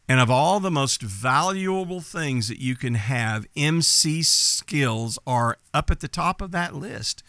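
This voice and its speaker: A middle-aged man with a light Texas accent, talking like a confident coach. His voice sits at an average pitch and jumps up when he stresses a point. The sound is close and dry. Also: sharp tone, dry recording. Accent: light Texas accent, mostly neutral. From East Texas. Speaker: entertainment business coach, podcast host. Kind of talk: instructional podcast talk.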